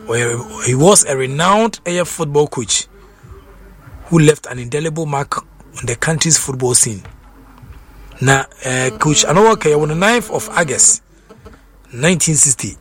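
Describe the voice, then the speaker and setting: A man's voice: mid-range voice, fairly bright tone, breathy edge. A Ghanaian man, a radio presenter, reading out announcements and a tribute in a chatty way, stumbling over names and repeating them.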